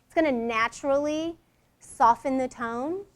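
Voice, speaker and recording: Leading a workshop in a conversational style, a middle-aged woman uses a high voice and an unhurried pace. To illustrate her points, she performs brief example lines in varying tones.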